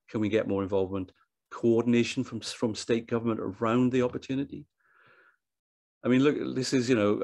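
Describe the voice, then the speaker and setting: A man speaking at a conference with a fairly low voice, working through his slides. He thinks aloud, restarts phrases and repeats words as he goes. The sound is dry and close, with almost no room echo. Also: vocal fry, a little mellow. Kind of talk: presentation talk. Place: online event.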